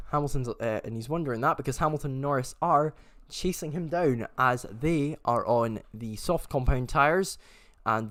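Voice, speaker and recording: A man talks through a motor race live in a loose, chatty way, often stopping to fix a name he got wrong. His voice sits at an everyday middle pitch. The sound is dry and close, with little room around it. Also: fairly bright tone, no echo. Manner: chatty, often corrects himself mid-sentence. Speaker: host of a race watchalong.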